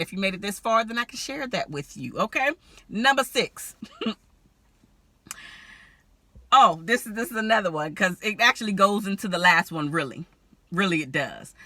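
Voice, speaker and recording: A woman relationship strategist talking to camera in a vlog, candid and animated, laughing often as she gives marriage advice. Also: medium pitch, no room sound.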